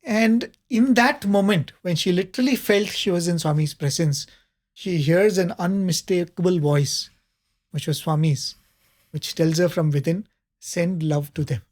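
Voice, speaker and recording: A man, a panelist telling a spiritual story in a conversational way, often pausing with fillers and soft laughs. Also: high voice.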